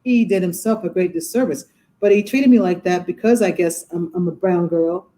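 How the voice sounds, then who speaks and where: A woman in her forties, a judge, telling stories in an animated way on a video call from her courtroom. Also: lowish voice, moderate pace, rough recording. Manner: animated, acts out quoted voices. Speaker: judge, interview guest. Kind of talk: casual storytelling in a podcast interview.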